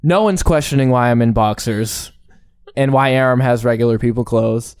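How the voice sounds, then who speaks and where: A man's voice: medium pitch, moderate pace, a little mellow, clean tone, no room sound, clean studio sound. A young man hosting a casual podcast, joking and telling a long story with frequent laughs. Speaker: podcast host.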